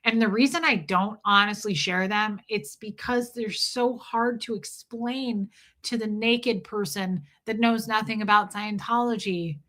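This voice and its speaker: A woman's voice: medium pitch, steady tone, a little slow, sharp tone. A woman hosting a casual livestream, telling a personal story in a candid, emphatic way. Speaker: livestream host.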